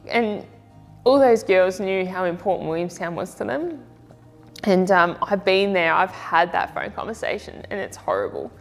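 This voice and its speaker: A woman's voice: lowish voice, big pitch swings, normal speed, in a large hall, faint music behind. A woman with an Australian accent, an army veteran and footballer telling her story in a candid, plain-spoken, rambling way. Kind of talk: reflective personal testimony.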